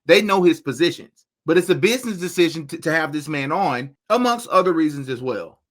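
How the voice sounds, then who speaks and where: Articulate man giving measured commentary. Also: a little high, expressive. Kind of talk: casual political commentary.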